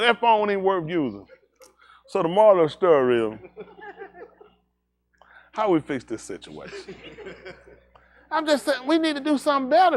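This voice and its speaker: A man with a high voice that swings widely up and down, telling a loose, laughing anecdote at a congregation's livestream. He circles back on himself, repeats "I said" again and again, then turns preachy and warns young people directly. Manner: animated, repeats "I said", laughs through the story. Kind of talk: anecdotal storytelling with a moral.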